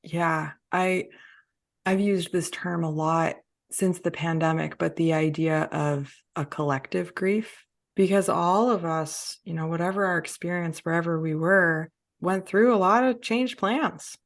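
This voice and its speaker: A woman's voice: on the low side, steady tone, a little slow. A woman hosting a conversational podcast, talking reflectively and laughing often. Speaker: podcast host.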